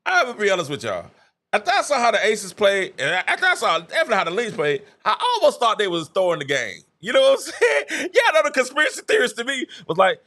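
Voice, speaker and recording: A man hosting a live sports talk show, his voice pitched high and swinging wildly up and down. He talks excitably, laughs in the middle of sentences and acts out quoted back-and-forths. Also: quick pace. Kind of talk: animated live sports commentary.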